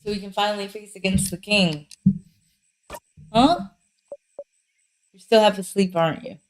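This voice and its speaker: A woman voicing a cheerful young female friend in a game, who gently teases and chides a sleepy companion. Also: mid-range voice, unhurried, slight background noise, natural voice. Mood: friendly teasing. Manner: friendly, chiding, lightly teasing.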